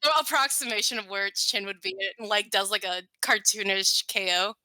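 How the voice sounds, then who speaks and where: A woman's voice: mid-range voice, brisk, sharp tone, no echo, low-quality recording. A woman playing a tabletop game, chatty and giggly, often losing track mid-sentence. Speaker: player. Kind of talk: casual tabletop play.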